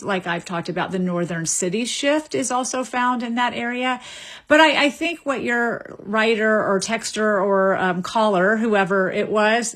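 Woman explaining in a measured way. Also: mid-range voice, a bit bright. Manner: measured, lecturing, repeats words while thinking. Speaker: linguist guest. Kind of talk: explanatory radio interview answers.

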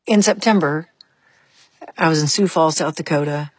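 Woman, older, low pitch, dry close sound, reflective, interview guest. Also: normal speed, breathy edge, no room sound. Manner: reflective, storytelling, thinks aloud. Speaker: musician guest. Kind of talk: casual interview conversation.

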